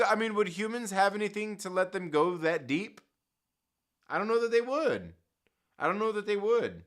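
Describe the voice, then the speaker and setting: Bright, joking live stream host. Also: male voice, on the high side. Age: adult with children. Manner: slangy, profane and joking, laughs often. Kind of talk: casual live stream chat.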